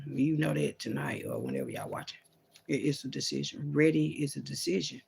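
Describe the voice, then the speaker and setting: Gravelly woman rambling to her viewers. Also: low voice, sing-song, normal speed, darkish tone. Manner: loose, profane, talks straight to viewers. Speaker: vlogger. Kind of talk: casual rambling spiritual monologue.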